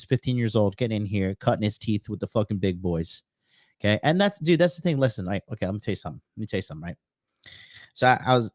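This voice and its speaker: A man's voice: fairly low pitch, dry recording, studio quality. A man hosting a live reaction stream, ranting in a profane, aggressive way and greeting chat. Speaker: streamer host.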